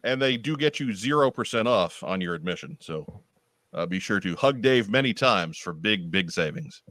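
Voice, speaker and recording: Podcast host guy, wry deadpan jokes, dry close sound, mid pitch. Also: dry recording. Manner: wry, deadpan asides while reading listings. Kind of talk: casual podcast chat and event announcements.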